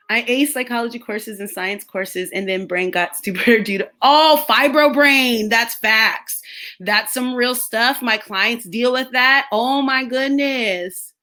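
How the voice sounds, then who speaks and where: Bright, chatty woman live streamer. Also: a little high, unhurried. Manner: chatty, laughs often, drifts between topics while reading chat. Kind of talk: casual live stream chat.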